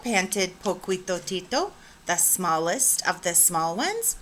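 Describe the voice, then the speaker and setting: A woman teacher reading a picture book aloud with expressive, animated storytelling. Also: on the low side, slow, slight background noise.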